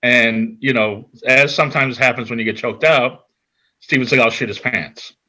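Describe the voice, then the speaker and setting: A podcast host with a mid-pitched, bright, forceful voice. He recaps stories in a casual way and fires off eager follow-up questions. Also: normal speed, poor audio. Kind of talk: casual chat, setting up stories.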